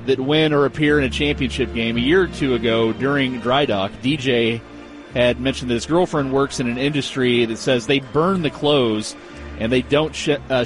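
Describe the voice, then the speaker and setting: A man hosting a casual sports talk show, relaxed and conversational, reading out listener notes. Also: medium pitch. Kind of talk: casual sports radio chat. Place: loud outdoor spot.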